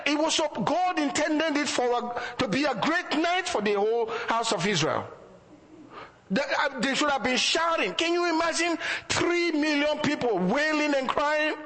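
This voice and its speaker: A man's voice: very high-pitched, lively intonation, measured pace, pushed and bright, in a large hall, rough recording. A man preaching a sermon as pastor, asking the congregation rhetorical questions and chuckling between points.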